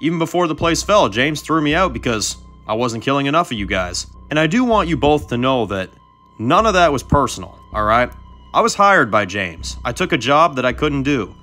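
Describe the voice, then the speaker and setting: A swaggering male chainsaw mercenary, as a man puts him on, drawling and mocking, tossing out pet names. The voice sits higher than the reader's own and rings bright, with faint music underneath. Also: sing-song, moderate pace. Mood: menacing. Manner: drawling, mocking, calls people darling.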